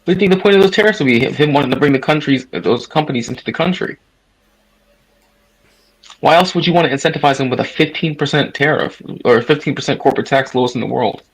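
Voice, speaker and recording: A husky-voiced man in his thirties speaks fast on a voice chat call, pushing his points with rambling emphasis. He swears casually and talks like he is chatting with friends online. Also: mid-range voice, poor audio. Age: 30s. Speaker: guest caller in a voice chat. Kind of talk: casual political debate on a voice chat.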